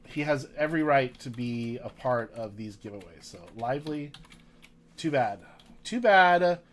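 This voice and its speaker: A man hosting a casual card-break livestream, chatting with viewers and reading their names aloud. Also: medium pitch.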